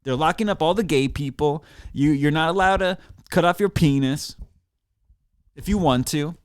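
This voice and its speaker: A man rants from a small studio room in a heated, mocking streamed monologue, swearing freely. His voice sits a bit high for a man, and the sound is close and dry with no room echo. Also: moderate pace, clean tone. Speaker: drummer streaming a rant. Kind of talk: profane sarcastic rant to camera. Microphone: computer mic while seated.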